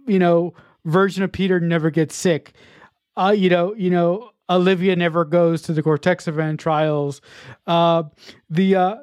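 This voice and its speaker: Halting, reflective podcast speaker. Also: mid-range voice, dry recording, clean studio sound. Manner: reflective, halting, many restarts and fillers. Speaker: podcast co-host and writer. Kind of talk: casual chat.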